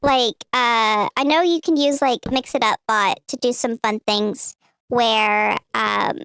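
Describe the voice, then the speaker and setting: A woman's voice: slow, a bit bright, smooth, no echo. A woman streamer talking through a voice changer set to a cutesy uwu voice, bubbly and rambling. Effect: pitched-up voice changer.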